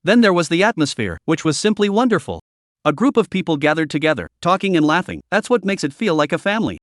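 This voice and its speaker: A man reading a scripted story recap in an even, steady manner. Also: on the high side, quick pace, dry recording, studio quality. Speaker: narrator. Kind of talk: scripted narration of a comic recap.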